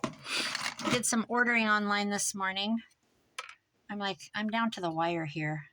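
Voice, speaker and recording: A woman talking casually and rambling off topic as she works on a craft project, her voice trailing off quieter at times. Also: medium pitch, a little slow. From American Midwest. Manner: rambling, thinks aloud while working, drifts quieter. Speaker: craft vlogger. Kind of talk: chatty crafting monologue.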